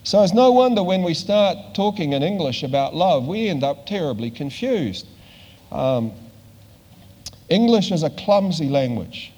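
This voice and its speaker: A man's voice: a little high, big pitch swings, measured pace, a little mellow, highs cut off. Older man preaching in a reverberant hall. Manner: conversational, with dry humor and many fillers. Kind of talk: sermon.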